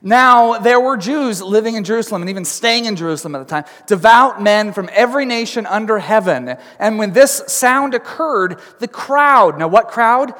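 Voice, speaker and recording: A man with a fairly high voice preaches from a church sanctuary, and his words ring out with a long hall reverb. He tells the story in a chatty, lively way, full of asides, and slips into the voices of the people in it. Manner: animated storytelling, acting out crowd voices. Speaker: pastor. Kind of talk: sermon.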